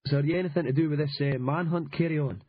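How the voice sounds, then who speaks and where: A cagey, hesitant caller with a Glasgow accent, as a male narrator puts him on, slightly husky and a touch higher than the reader's own voice. He talks evasively over the line in an audiobook with a dull, dry sound. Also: fast talker, no echo. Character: cagey anonymous male caller, young-ish man.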